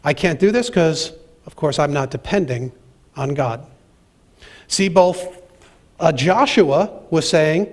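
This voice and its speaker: Expressive male preacher, slightly high voice. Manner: dramatic preaching, slowing for emphasis and acting out quoted voices. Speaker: pastor. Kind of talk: sermon with Bible reading.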